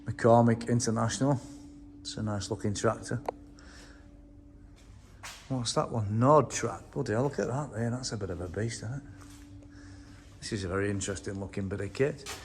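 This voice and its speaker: A man from England with a fairly low voice ambles around an indoor tractor museum, talking at a normal pace and pausing often. His commentary is chatty and full of swearing as he reads labels aloud, recorded in a reverberant hall with faint ambience.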